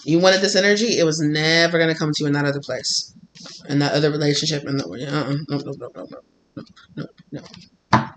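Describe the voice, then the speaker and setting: Tarot reader: casual, animated, bright tone, quick to laugh. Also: medium pitch, a little hiss or hum. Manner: animated, laughing, acts out quotes. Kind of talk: casual spiritual reading.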